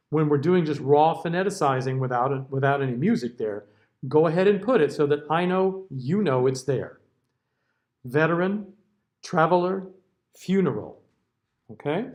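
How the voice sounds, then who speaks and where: A middle-aged man with a fairly high speaking voice, teaching a diction class for singers. He reads vowel word lists slowly and deliberately. He keeps checking in with his students. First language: English. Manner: checks in often with "okay?" and "all right?". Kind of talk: classroom lecture.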